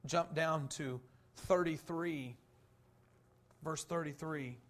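A man preaching a sermon, posing rhetorical questions and answering them, swinging from fervent emphasis to soft, low reflection. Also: steady tone, slow pace. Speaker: pastor.

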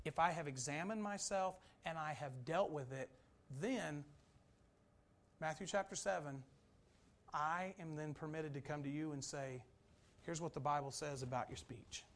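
A man preaching a sermon, swinging between loud, urgent emphasis and quiet, low asides. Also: normal speed.

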